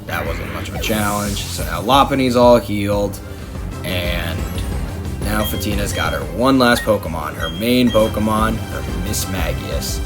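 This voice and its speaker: Chatty low-voiced male gaming narrator. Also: measured pace. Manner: chatty, rambling, self-deprecating. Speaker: game video host. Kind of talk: gameplay commentary voice-over. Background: background music.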